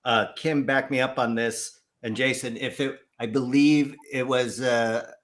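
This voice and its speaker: A man hosting a live paranormal show, asking questions and pausing often with fillers. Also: medium pitch, steady tone, fairly bright tone. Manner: hesitant, many fillers. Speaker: host.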